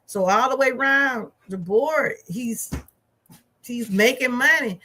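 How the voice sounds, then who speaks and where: Bright-voiced chatty woman. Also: a little high, slow. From Georgia, USA. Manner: animated, chatty storytelling with laughs and asides. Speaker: movie review vlogger. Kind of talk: casual chat.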